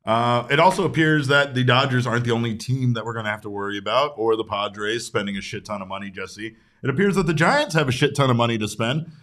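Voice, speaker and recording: A man's voice: medium pitch, quick pace, hardly any pauses, a bit bright. A young man hosting a casual sports talk show, loose and irreverent, mixing jokes and swearing into his takes.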